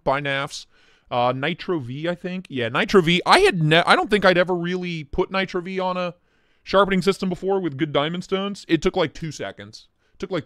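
A man's voice: on the high side, fairly bright tone, no room sound, clean studio sound. A man hosting a casual live stream, joking and swearing as he greets viewers by name. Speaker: livestream host.

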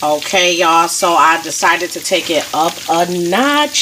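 Excitable woman hosting her home cooking channel, drawn-out easy pace, playful rhyming asides to viewers. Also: on the low side, background noise. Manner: playful sing-song rhyming chatter, keeps addressing viewers as y'all; excitable and unscripted. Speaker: home cook and channel host. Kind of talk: casual cooking vlog narration.

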